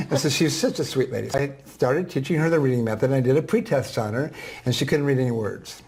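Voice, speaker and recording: A man's voice: medium pitch, fast talker, vocal fry, slightly rough. A man, a reading teacher on a talk show, telling an emotional story and acting out the dialogue. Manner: animated storyteller, acts out dialogue; emotional, soft-hearted.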